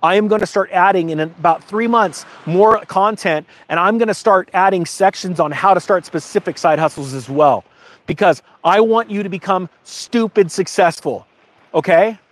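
A man's voice: sits high, normal speed. A middle-aged man hosting his own channel, talking casually and emphatically, rambling and getting emotional. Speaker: channel host. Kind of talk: casual to-camera talk.

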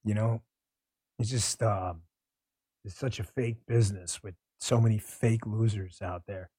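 A man's voice: lowish voice, fairly even intonation, measured pace, mellow, slightly rough, no echo, clean studio sound. A man hosting his own talk show, delivering a passionate, blunt monologue with casual swearing. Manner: impassioned, blunt, swears freely. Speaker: show host.

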